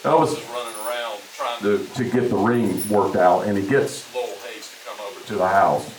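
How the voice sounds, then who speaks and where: A man hosts a live interview on stage, his voice a bit low and eager. He sounds somewhat away from the mic. The room echoes around him. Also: a little fast, crowd noise. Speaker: event host interviewer. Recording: echoey hall, mic held at a distance.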